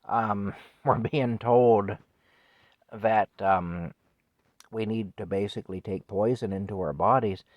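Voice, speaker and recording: Low-voiced man in his fifties ranting. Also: slow, no echo, highs cut off. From Canada. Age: 50s. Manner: indignant, scornful ranting with wry chuckles. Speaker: vlogger. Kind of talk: solo opinion rant to camera.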